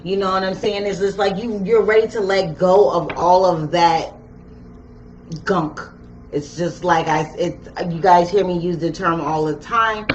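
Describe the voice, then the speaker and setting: A woman's voice: lowish voice, steady tone, measured pace, slight background noise. A woman giving a casual tarot reading, chatty and slangy, talking straight to her viewers. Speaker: tarot reader. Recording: dull lo-fi sound with faint ambience.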